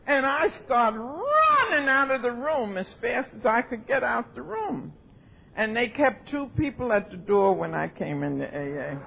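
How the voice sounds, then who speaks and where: Gravelly older woman telling her story. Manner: animated storyteller acting out voices. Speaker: AA speaker. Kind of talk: recovery talk at a convention. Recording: dull lo-fi tape with faint rumble.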